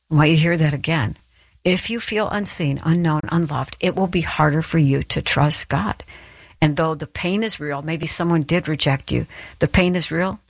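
A woman's voice: low-pitched, creaky, husky, dry recording, clean studio sound. A woman telling a personal story and then giving an earnest, encouraging devotional talk. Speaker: Christian speaker. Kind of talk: devotional teaching.

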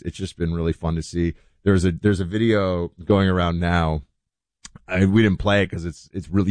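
A man hosting a talk show, chatting in an animated, conversational way with plenty of asides. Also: sits low, no room sound. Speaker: show host. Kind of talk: opinion talk show commentary.

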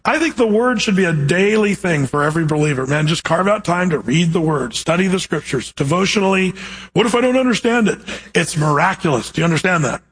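Pastor, male, husky higher voice, earnest verse-by-verse preacher who quizzes the pews. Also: brisk, few pauses, a bit bright, low-quality recording. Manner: earnest, asks the congregation direct questions. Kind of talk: verse-by-verse sermon.

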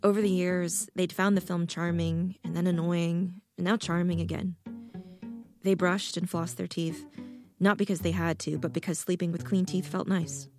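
A woman reads a short story aloud in a calm, measured, deadpan voice. Her voice sits low and has a gravelly creak. Faint music plays underneath. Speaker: narrator. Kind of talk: audiobook story reading.

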